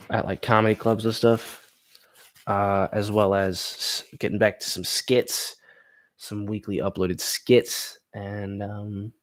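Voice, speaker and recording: A young man, a comedian, chatting casually on a live stream in a rambling, self-deprecating, crude way. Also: fairly low pitch.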